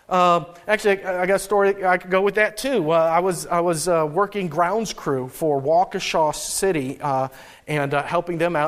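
A man pastor preaching a conversational sermon in a church in New England, telling stories with frequent restarts. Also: high voice. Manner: casual and storytelling, with frequent restarts.

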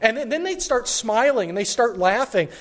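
A man's voice: extremely high pitch, lively intonation, normal speed. A man pastor giving a sermon, telling a personal story in a conversational way with frequent restarts.

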